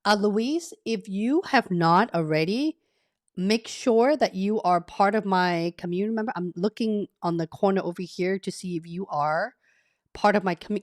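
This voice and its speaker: A woman's voice: medium pitch, normal speed. A woman runs a casual live coaching stream, answering chat questions in an upbeat, talkative way and checking in with listeners. Her voice sits in a middle range. It is recorded close and dry, with no room echo. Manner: chatty and upbeat, with frequent "okay?" check-ins.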